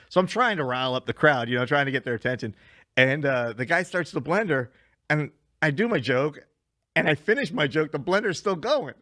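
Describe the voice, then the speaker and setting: A man's voice: mid-range voice, pushed and bright, no echo, studio quality. A man, a stand-up comedian co-hosting a podcast, telling rambling road stories in casual chat, swearing freely and laughing at his own tales.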